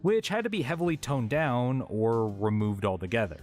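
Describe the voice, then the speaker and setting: A man narrating a scripted video essay, dry and a little wry. His voice sits in a middle pitch, with soft music beneath it. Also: moderate pace.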